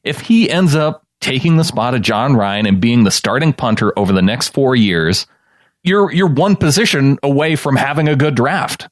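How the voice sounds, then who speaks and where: A man co-hosting a casual sports podcast, relaxed and agreeable with dry humor. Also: mid-range voice, moderate pace, dry recording. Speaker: podcast co-host.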